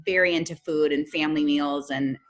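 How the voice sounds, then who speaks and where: A woman, a mother on a coaching call, asking a question with hesitant pauses and many "um"s. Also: low voice, steady tone, slight background noise. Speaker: caller, a mother in the coaching group. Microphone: video call.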